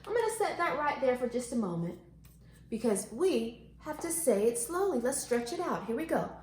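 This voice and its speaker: Animated teacher woman, sing-song voice. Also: sits high, echoey room, a little hiss or hum. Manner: animated, sing-song, stretches words out slowly. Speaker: kindergarten teacher. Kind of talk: phonics lesson for young children.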